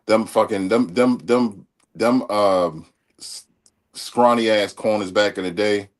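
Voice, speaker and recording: A man with a lowish voice chats about sports as a podcast co-host. He swears freely and often stops and restarts his sentences. His delivery is loose and conversational. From Baltimore area. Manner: profane, halting, many restarts. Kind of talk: casual sports chat.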